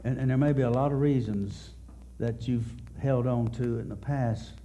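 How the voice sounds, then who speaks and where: A middle-aged pastor's steady, dark, mid-range voice carries his sermon at a church service. His storytelling is halting, with words often repeated.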